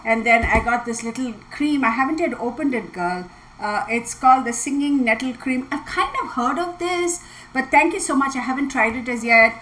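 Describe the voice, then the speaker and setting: A woman host, chatting casually on a livestream, bubbly and excitable, laughing often. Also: high voice, moderate pace, poor audio. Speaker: tarot channel host.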